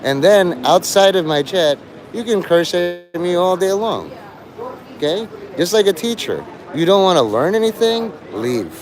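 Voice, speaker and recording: A man's voice: high-pitched, very animated, a little slow. A man hosting a livestream, lecturing and taunting his chat like a mock teacher.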